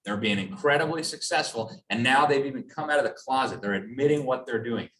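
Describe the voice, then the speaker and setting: A man's voice: mid-range voice, a little fast, fairly bright tone. A man giving a public talk with slides to a live audience, emphatic and sarcastic in tone. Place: hall with an audience. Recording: echoey hall, from a distance.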